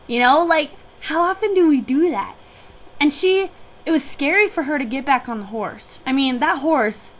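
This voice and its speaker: A woman's voice: high-pitched, fairly bright tone, poor audio. Chatty young woman telling a ranch story. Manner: chatty, reflective, frequent restarts. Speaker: guest ranch worker. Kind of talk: personal storytelling.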